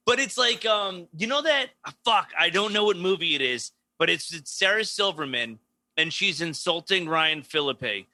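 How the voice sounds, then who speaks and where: A man on a comedy podcast, swearing freely and laughing through his stories. His voice sits a bit high and sounds very bright and forceful. The recording is close and dry. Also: animated, moderate pace, dry recording. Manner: profane, laughing, storytelling with acted-out quotes. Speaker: podcast co-host. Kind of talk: casual comedic chat.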